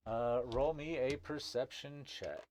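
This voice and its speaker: A man with a mid-range, darkish voice runs a tabletop game as game master. His narration is halting, with many restarts.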